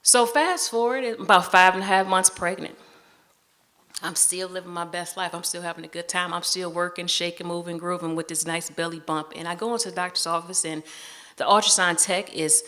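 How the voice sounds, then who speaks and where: A woman recounts a personal story before a live audience in a chatty, conversational way. Her voice sits fairly low for a woman but has a bright, forward edge. She slips into the voices of the people in her story as she quotes them. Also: steady tone, brisk.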